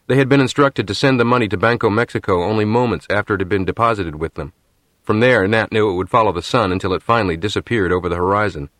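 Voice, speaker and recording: A man narrating a novel as an audiobook in a steady, measured storytelling manner. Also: lowish voice, no room sound. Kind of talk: scripted narration.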